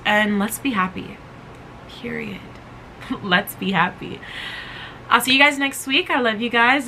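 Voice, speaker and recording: A woman hosts a motivational podcast with a bright, clear tone at an ordinary pitch. She talks casually and encouragingly, repeating short phrases for emphasis. A faint hiss sits under her voice. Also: rough recording. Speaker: podcast host.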